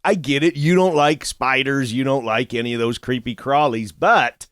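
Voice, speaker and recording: A man's voice: mid-range voice, moderate pace, fairly bright tone, no echo, studio quality. A man co-hosting a show, teasing his partner and giving opinions in casual chat. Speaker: co-host.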